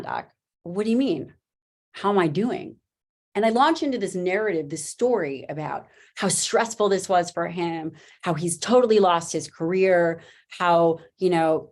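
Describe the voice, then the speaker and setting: Low-voiced woman telling stories to an audience. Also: darkish tone. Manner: storytelling, emphatic, brisk with frequent asides. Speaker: physician giving an online talk. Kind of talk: presentation talk with slides.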